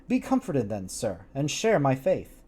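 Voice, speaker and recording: A man reading as a calm Victorian doctor. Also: mid-range voice, measured pace, breathy edge, heavily acted. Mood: reassuring. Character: composed, confident Victorian physician.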